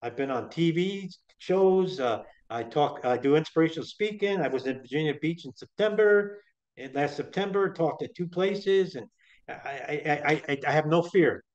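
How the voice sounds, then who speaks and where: A man's voice: a little high, animated, moderate pace, a little mellow. Chatty middle-aged man, rambling. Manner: chatty, rambling with repeated restarts. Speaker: interview guest. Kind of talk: casual storytelling. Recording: dull lo-fi sound.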